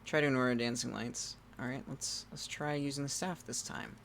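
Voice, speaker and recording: Reading a text adventure game out loud over its music, a man with a gravelly, mid-range voice keeps a moderate pace. Now and then he bursts into loud startled outbursts, and there's slight hiss or hum.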